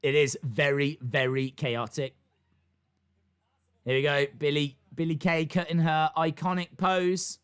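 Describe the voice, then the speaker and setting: A man's voice: a little high, steady tone, a little slow, a bit bright, smooth. A young man hosting a live wrestling watch-along, calling the action and reading chat comments aloud. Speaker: wrestling stream host.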